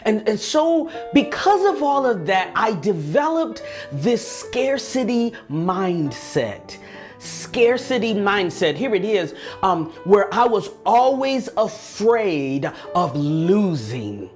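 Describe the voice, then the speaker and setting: A man's voice: high-pitched, sing-song, slow, soft background music. A man giving an earnest motivational talk with a preaching tone. He speaks straight to his listeners, repeating and restarting words as he goes. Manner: addresses listeners directly.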